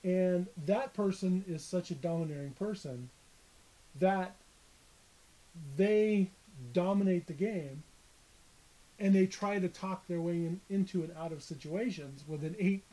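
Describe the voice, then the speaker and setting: A man's voice: high voice, unhurried, warm tone, poor audio. A man who is a dungeon master, chatting casually on a podcast and often restarting his sentences. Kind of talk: casual chat.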